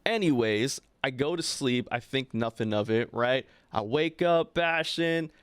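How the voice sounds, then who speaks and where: A man's voice: medium pitch, a little slow, clean tone, no room sound, clean studio sound. Chatty young New man telling a story. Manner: animated, chatty, frequent "right?" asides to his co-host. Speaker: podcast co-host. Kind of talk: casual storytelling chat.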